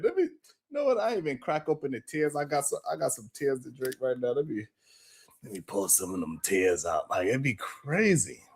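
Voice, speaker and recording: A man hosting a live stream, talking in a loose, slangy, mocking way. He laughs often and greets viewers in the chat by name. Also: high voice. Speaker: live-stream show host. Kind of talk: casual live-stream commentary.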